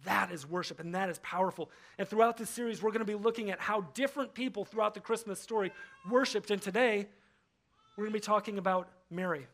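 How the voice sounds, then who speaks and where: A man's voice: sits high, fast talker, a bit bright. A man pastor giving a casual, conversational sermon, often acting out the voices he quotes. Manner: conversational, acts out quoted voices, frequent fillers. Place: church.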